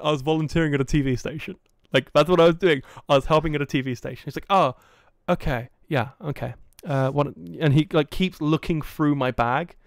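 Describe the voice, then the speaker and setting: A young man from England tells a long story on a podcast, acting out each quoted line. His voice sits a little high and comes through smooth and clear, recorded close and dry with no room sound. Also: dry recording. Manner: animated, acts out quoted dialogue. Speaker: podcast host. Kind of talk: casual storytelling chat.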